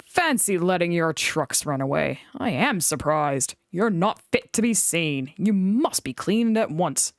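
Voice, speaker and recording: A woman voicing a stern middle-aged male railway boss who speaks gravely. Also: lively intonation, unhurried, hardly any pauses, dry recording, clean studio sound. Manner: grave, deeper voice.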